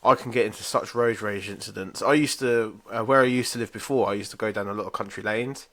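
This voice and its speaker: A man's voice: fairly low pitch, fast talker, a bit bright. A man, a podcast co-host telling road stories in laid-back, sweary casual chat.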